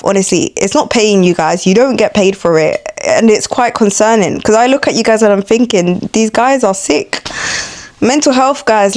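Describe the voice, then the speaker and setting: A young woman with an East London accent rants to her followers in a casual vlog. She sounds tired and unbothered, yet she is blunt and confrontational and swears freely. Her voice sits at a middle pitch and jumps up into high, mocking impressions of other people. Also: darkish tone. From East London, England. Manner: blunt, sweary and confrontational, addressing viewers directly. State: tired and laid-back. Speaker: content creator.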